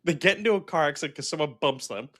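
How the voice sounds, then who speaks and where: A young man co-hosting a casual movie review chat, animated and acting out quotes from scenes. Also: fairly high pitch, fast. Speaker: movie review podcast co-host.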